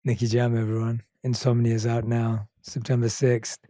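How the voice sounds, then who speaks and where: A man hosting a podcast interview, asking questions and thanking his guest calmly and appreciatively. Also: medium pitch, moderate pace, no room sound, studio quality. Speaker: podcast host.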